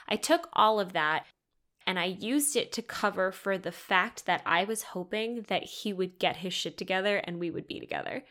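A young woman hosts a podcast on her own and tells a personal story. She speaks candidly, swears freely and acts out the dialogue. Her voice is bright and clear. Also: mid-range voice, normal speed. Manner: candid, swearing, animated retelling with quoted dialogue. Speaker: podcast host. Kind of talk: solo storytelling chat.

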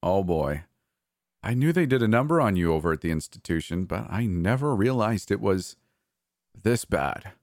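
A manic, cruel brother, put on by a man reading a horror story, taunting and mocking with wildly swinging pitch. His voice is dry and close. He lurches between cold sneers and yelling. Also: big pitch swings, moderate pace, no echo.

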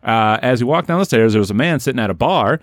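A podcast host spins a crude comedy story in a rambling, deadpan manner. His voice moves a lot through its range. The sound is close and dry with no room echo. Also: medium pitch, quick pace.

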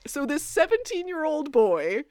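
A woman co-hosting a podcast, recapping scenes in a chatty way, laughing often and quoting characters in a lower voice. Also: wildly swooping pitch, a little slow, darkish tone, no echo, studio quality. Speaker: podcast co-host. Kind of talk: casual recap chat.

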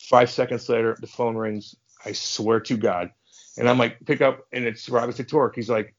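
In a muffled recording, a fairly quick-talking man with a mid-range voice spins casual, profanity-laced stories. Once a hockey enforcer, he's now a podcast guest who animatedly plays out the voices of the characters he describes.

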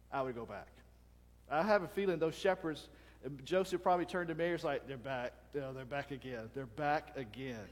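A man's voice: a little high, long reverb tail. A male pastor preaching a conversational sermon, often checking in with the congregation with "right?" and acting out stories with voices and sounds. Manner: acts out anecdotes with voices and sounds.

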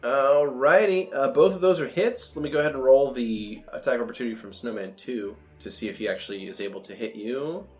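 Brief: male game master, brisk dry rules-caller, faint music underneath. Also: medium pitch. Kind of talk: running a tabletop game.

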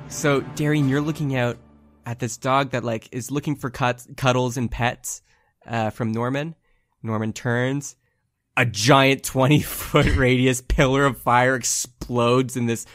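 A man narrating as game master of a tabletop game, playful and unhurried, with faint music behind. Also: mid-range voice, no echo, studio quality. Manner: slow, playful narration with laughs.

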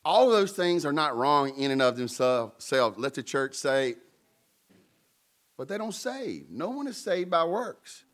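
A man's voice: a little high, big pitch swings, unhurried, fairly bright tone. A man preaching a sermon in a conversational way, with playful asides and emphatic peaks. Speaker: pastor.

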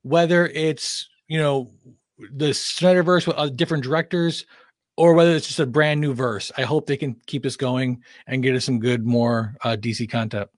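A man's voice: mid-range voice, steady tone, moderate pace, no echo, studio quality. A man visiting as a podcast guest, chatting casually and enthusiastically and laughing often.

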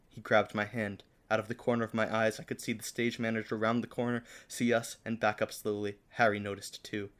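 A man's voice: lowish voice, little pitch movement, normal speed, few pauses, fairly bright tone. Man reading fan fiction aloud, playful. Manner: theatrical reading, breaks into laughter. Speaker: podcast co-host.

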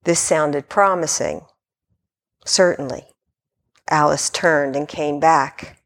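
A woman Zen teacher giving a measured, reflective dharma talk, reading a story and then musing on it. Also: low-pitched. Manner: measured, reflective, with light laughs.

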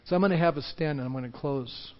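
Impassioned high-voiced pastor in a hall. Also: male voice, fast. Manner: impassioned, rising to emphatic peaks. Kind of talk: sermon with altar call. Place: church sanctuary. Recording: dull reverberant hall recording.

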